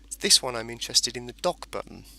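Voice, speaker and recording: Gravelly man narrating his gameplay. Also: medium pitch, expressive, fast talker, sharp tone. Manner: rambling, explains as he plays. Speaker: gameplay commentator. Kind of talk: casual let's-play commentary.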